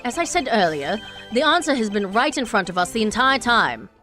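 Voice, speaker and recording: A woman voicing a calm, pompous male prosecutor who lays out deductions in a measured, deliberate way. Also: on the high side, faint music behind.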